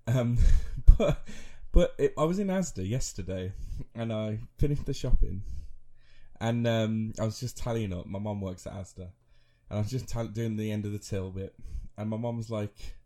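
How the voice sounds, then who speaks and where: A man's voice: on the low side, moderate pace, dark tone. A man in his thirties co-hosting a podcast, rambling through a story with frequent laughs and self-mocking asides. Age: 30s. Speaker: podcast co-host. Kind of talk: casual chat.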